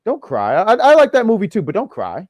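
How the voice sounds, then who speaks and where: Male host, slightly high voice, playful teasing review chat. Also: huge pitch swings, fairly quick, a little mellow, no echo, dull audio. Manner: playful teasing, lots of fillers. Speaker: podcast host. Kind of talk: casual wrestling review chat.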